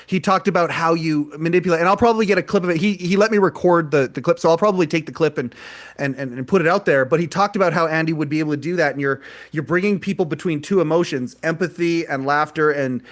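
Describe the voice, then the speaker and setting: Guy on a podcast going on and on about a show he saw, kinda high-pitched, lots of repeated words. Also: fast talker. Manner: rambling, repeats words, animated retelling. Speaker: podcast co-host. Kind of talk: casual chat, retelling a live show.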